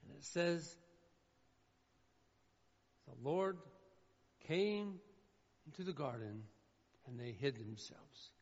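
A man preaching a sermon with emphatic delivery, his voice swinging from loud declarations to hushed low lines. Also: lively intonation, slow, creaky, long pauses. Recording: echoey hall with dull sound.

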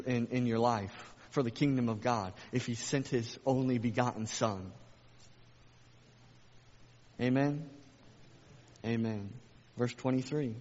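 A pastor with a mid-range, slightly mellow voice preaches a sermon emphatically, repeating phrases and asking rhetorical questions. The recording has an echoey-hall quality and dull lo-fi sound.

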